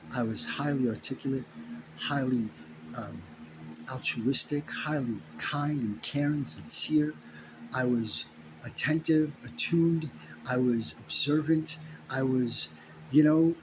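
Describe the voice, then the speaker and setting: A man delivers an indignant, profanity-laced personal monologue, repeating key phrases to drive them home. His voice sits at an ordinary pitch. A clear hiss of background noise runs under him. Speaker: vlogger recounting his own story.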